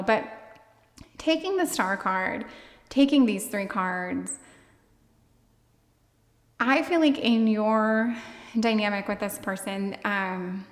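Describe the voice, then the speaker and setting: A woman's voice: mid-range voice, in a large hall. A woman giving a casual tarot card reading to viewers, rambling and searching for words with lots of fillers. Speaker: tarot reader.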